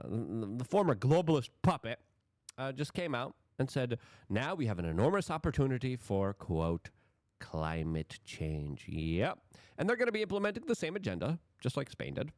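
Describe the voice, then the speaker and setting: A man's voice: mid-range voice, no echo, studio quality. A man giving heated political commentary, sarcastic and stumbling through restarts. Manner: sarcastic, animated, repetitive restarts.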